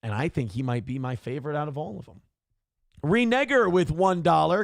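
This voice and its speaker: A man hosting a livestream show, giving loud, mocking commentary on news clips and reading from the chat. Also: on the high side, a little fast, gravelly, dry recording, clean studio sound. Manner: loud, mocking, swings into shouted impressions. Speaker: show host.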